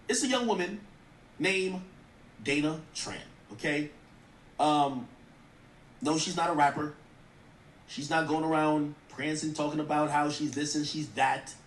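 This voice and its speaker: A man's voice: fairly high pitch, roomy sound, distant mic, a little hiss or hum. A man giving blunt, profane, mocking commentary in a rant. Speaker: streamer commentator. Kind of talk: ranting commentary.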